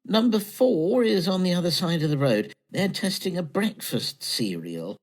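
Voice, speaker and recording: A man's voice: sits high, sing-song, a little slow. A man performing scripted comedy dialogue, chatty, dry and earnest. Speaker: comedy co-host.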